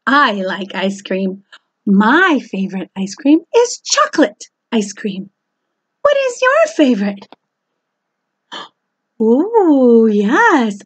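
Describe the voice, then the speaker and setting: A woman teaching a preschool phonics lesson, talking slowly with exaggerated, sing-song delivery, oohs and gasps. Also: fairly high pitch, no echo.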